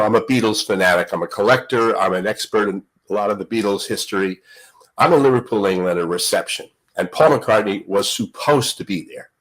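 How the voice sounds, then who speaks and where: An older broadcaster telling show-business stories, acting out the voices and stumbling through quick restarts. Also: male voice, lowish voice, rough recording. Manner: storyteller who acts out dialogue, lively restarts. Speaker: guest, broadcaster. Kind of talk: animated anecdote telling.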